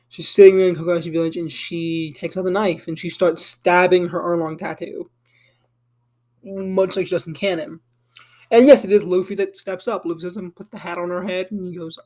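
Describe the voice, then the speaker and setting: A man with a fairly high-pitched voice retells an anime fan story in a loose, rambling way. He leans on fillers and drops casual swear words. He sounds a little sleepy, speaking from his room at home. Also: little pitch movement, normal speed, a little mellow. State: yawning, tired.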